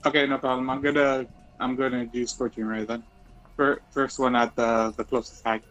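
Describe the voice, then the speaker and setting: A man's voice: mid-range voice, flat delivery, a bit bright, poor audio. Man, tabletop player, mid-range voice, faint music behind. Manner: halting, restarting phrases. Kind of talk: casual tabletop play.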